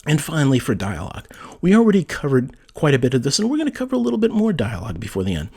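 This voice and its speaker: A writing teacher gives a casual spoken lesson, chatting and reading example sentences aloud with emphasis. His medium-pitched voice is very fast, a little mellow and slightly rough, with huge swings in pitch.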